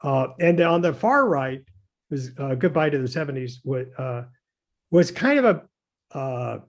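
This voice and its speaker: This guest, an older designer, speaks at a measured pace in a medium-pitched, sing-song voice, and the recording has its highs cut off. He chats casually, telling rambling, hesitant anecdotes full of fillers and laughter.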